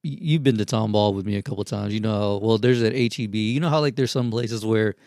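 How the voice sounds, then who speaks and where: A man's voice: lowish voice, brisk, a little mellow, dry recording, studio quality. A man telling a wild story in casual, profane podcast chat, acting out the quotes. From Houston, Texas.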